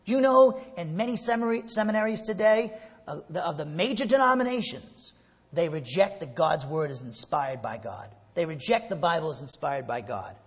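A man's voice: on the high side, expressive, normal speed, a bit bright, slightly rough. A man preaching a sermon as pastor, earnest and emphatic, asking rhetorical questions and pressing his points home. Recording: muffled recording with long hall reverb.

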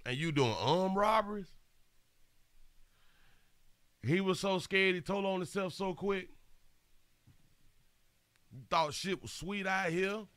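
A man's voice: high-pitched, measured pace, long pauses, a bit bright, clear, resonant tone, dry recording. A man hosting a commentary show, reacting to a news clip with mocking, slangy talk and swearing.

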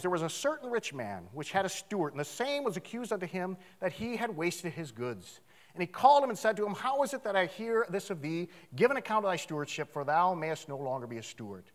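A man preaching a sermon in a church, animated, swinging from loud outcries to hushed asides. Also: high-pitched, fast. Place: church sanctuary.

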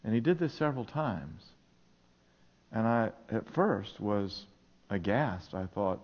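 A man's voice: lowish voice, expressive, takes it slowly. A male pastor preaching a sermon in a church, telling stories in an earnest way. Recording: dull lo-fi sermon recording.

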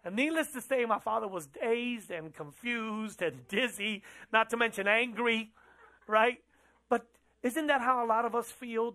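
Pastor, church sermon, conversational, questions to the audience, repeated phrases, mid pitch. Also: a bit bright.

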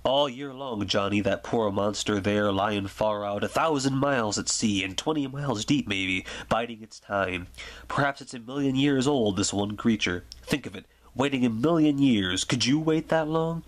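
A man reading the part of a calm, wistful old lighthouse keeper in a quiet, measured ASMR story reading. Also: mid-range voice, natural voice.

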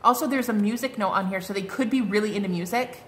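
A woman's voice: mid-range voice, fast, slight background noise. Bubbly chatty woman reading tarot. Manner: chatty, bubbly, lots of "like" and "oh my God". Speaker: tarot card reader.

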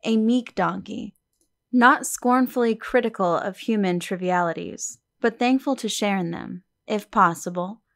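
A woman reads a classic novel aloud in steady, measured narration. Her voice sits at a middling pitch for a woman. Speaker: audiobook narrator. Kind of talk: scripted narration.

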